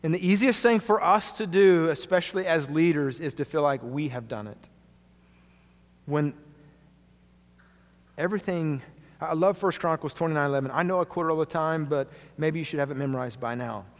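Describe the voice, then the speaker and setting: A male pastor preaching a sermon to a congregation, earnest, often dropping quietly for emphasis. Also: on the high side, moderate pace. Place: church sanctuary. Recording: long hall reverb.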